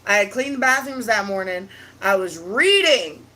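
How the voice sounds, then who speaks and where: A woman streamer with a worn, raspy voice, chatting casually and telling family stories with lots of laughter. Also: medium pitch, moderate pace. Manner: animated storyteller, laughs a lot. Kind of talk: casual chat.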